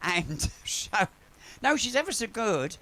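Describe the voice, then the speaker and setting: A man's voice: sits high, sing-song, slow, sharp tone. A man doing drag comedy on a pub stage, telling bawdy, camp stories and laughing at his own jokes into a stage mic. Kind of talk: live comic storytelling. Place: pub stage, live audience. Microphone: handheld stage mic via sound desk.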